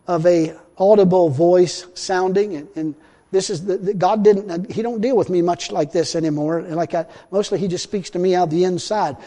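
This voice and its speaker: A man preaching a sermon in a folksy way, repeating himself and swinging between loud and hushed. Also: high voice. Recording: long hall reverb.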